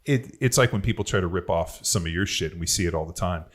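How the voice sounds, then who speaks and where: Speaking fast with a breathy edge and a low-sitting voice, a podcast host who once played in the NFL rambles through profanity-laced tales of football and strength in casual conversation.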